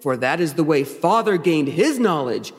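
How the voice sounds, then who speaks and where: A woman putting on a slow, solemn voice for a dramatic male devil tempter, impersonating an old film's delivery. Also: low-pitched, very animated, big-room sound, voice pushed down. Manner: slow, solemn, exaggerated film-style delivery.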